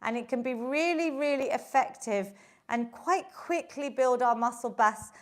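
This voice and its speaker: A woman leads a workout class in a high, bright-pitched voice, upbeat and encouraging as she counts down reps. She takes an unhurried, measured pace, with a slight breathlessness from moving along. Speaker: fitness instructor. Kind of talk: live online workout class instruction.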